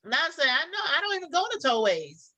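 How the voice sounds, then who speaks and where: A woman's voice: high voice, sing-song, quick pace, pushed and bright, low-quality recording. A woman chatting casually, telling a story and acting out both sides of phone calls. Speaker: podcast co-host telling a story.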